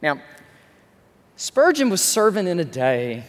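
Animated pastor in a big echoing sanctuary. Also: male voice, high voice, takes it slowly. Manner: animated storytelling, self-deprecating asides. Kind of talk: sermon. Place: large church sanctuary. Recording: long reverb of a large hall.

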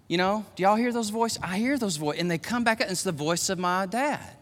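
Preaching a sermon, this man in his fifties, a pastor, tells lively stories full of acted-out voices and frequent laughter. His high voice moves briskly with few pauses, and the audio has a big-room sound.

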